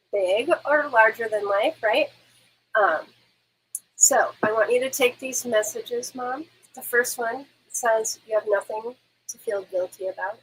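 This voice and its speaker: Breathy, reassuring woman medium. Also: on the high side, rough recording. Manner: gentle, reassuring, soothing. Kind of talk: live-stream reading.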